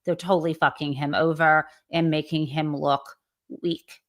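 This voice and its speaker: A woman's voice: deep voice, flat delivery, normal speed. A woman hosting a live commentary show, talking with emphatic indignation and frequent fillers. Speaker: host.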